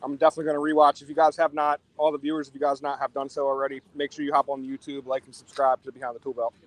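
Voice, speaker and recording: A man's voice: mid-range voice, little pitch movement, rapid-fire, dry recording. A laid-back man chatting casually on a live show from a pizza shop, rambling and chuckling as he talks. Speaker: show regular joining from a pizza place.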